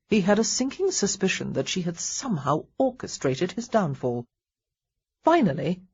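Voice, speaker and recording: A woman narrating an audiobook in a wry, expressive storytelling manner. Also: fairly low pitch, breathy edge, lo-fi sound. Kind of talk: scripted narration.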